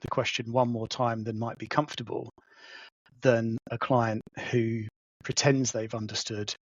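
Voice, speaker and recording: A man's voice: medium pitch, level tone, measured pace, no echo. A man on a podcast, explaining his points methodically, recorded on a slightly dull, dry mic. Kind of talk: casual professional discussion.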